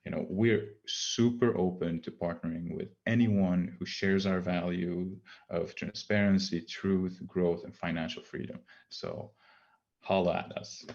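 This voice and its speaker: CEO type, low and gravelly, halting delivery, lo-fi call sound. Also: male voice, steady tone, darkish tone. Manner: halting, many restarts and fillers. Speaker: company CEO. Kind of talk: casual interview talk.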